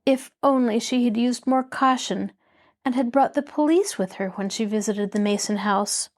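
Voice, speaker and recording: A woman host reading a mystery novel aloud as a measured, expressive storybook narration. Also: a little high. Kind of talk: scripted narration.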